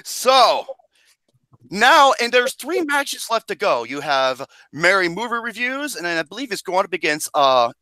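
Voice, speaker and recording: Loud, excitable, high-voiced man. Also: unhurried, dry recording, poor audio. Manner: loud, excitable, crude and joking. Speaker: podcast host. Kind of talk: casual chat.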